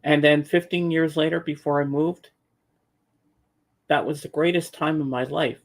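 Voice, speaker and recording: A man with a fairly high speaking voice spins a meandering anecdote in relaxed podcast conversation. He stumbles over repeated words and restarts, then slips into little voices for the people he quotes. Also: normal speed. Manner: rambling, acts out voices in quotes. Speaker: show regular. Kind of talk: casual storytelling chat.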